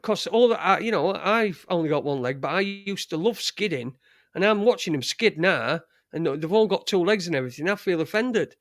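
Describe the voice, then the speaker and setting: A man's voice: high-pitched, expressive, a little fast, fairly bright tone, dry recording, studio quality. A man hosting a live show, talking in a profane, rambling way, full of restarts and trailing thoughts. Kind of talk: casual live-stream rant.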